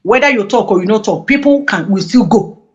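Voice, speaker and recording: A woman giving an emotional interview, speaking passionately and halting with many restarts. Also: medium pitch, animated. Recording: dull lo-fi audio.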